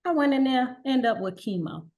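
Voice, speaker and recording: Middle-aged woman chatting, acts out what everyone said, lively ups and downs. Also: high voice, brisk. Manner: animated, acts out quoted dialogue. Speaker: guest. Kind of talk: conversational storytelling.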